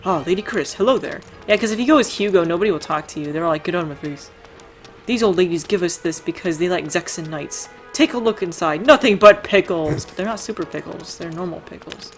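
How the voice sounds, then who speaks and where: A woman's voice: fairly low pitch, fast, few pauses, soft background music. A woman hosting a video game playthrough, chatting casually and reading the characters' lines aloud with frequent laughter. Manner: reads game dialogue aloud, laughs easily. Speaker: let's play host. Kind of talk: casual gameplay chat.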